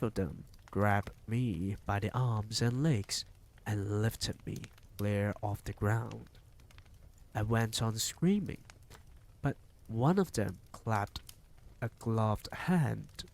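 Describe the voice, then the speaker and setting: A man reading a novel aloud on a live stream, telling it in an unhurried, measured way. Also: lowish voice, vocal fry, darkish tone.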